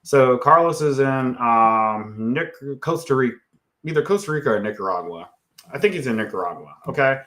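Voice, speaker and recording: Blunt, bright-voiced man hosting a live stream. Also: medium pitch, animated, normal speed. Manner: blunt and unfiltered, talks while clicking around; often tags lines with okay, guys, right. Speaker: real estate investor hosting a live stream. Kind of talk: casual live-stream teaching.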